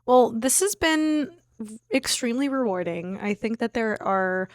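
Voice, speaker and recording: A woman hosts a podcast from an apartment with a fairly high voice. She chats casually, bursting with excitement and then trailing off quietly. The sound is close and dry. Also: unhurried, dry recording. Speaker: podcast host. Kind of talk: casual chat between friends.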